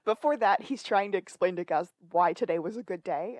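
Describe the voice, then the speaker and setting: A woman's voice: mid-range voice, a little fast, hardly any pauses, no room sound. A woman co-hosting a podcast, filling in plot details in a matter-of-fact, casual way. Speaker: podcast co-host. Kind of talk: casual chat recapping a show.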